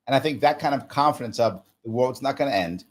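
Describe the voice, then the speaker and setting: Emphatic guy in his 40s, average pitch, voice jumps up high when he acts out people talking. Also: expressive, fast. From United States. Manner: emphatic, acts out little dialogues with rising pitch. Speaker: podcast guest, management consultant. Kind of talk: casual conversation.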